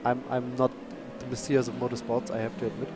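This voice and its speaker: A man who speaks natively, chatting and commentating a live sim race, excitable and apologetic. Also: medium pitch, fast, noisy background. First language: German.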